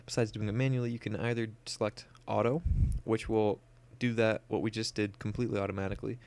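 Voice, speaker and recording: A young man walks through photo editing software in a relaxed tutorial. His voice sits fairly low and has a gravelly fry. He explains each step plainly and fills his pauses with "uh" and "um". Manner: casual, many "uh" and "um", explains step by step. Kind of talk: screen-recorded software tutorial.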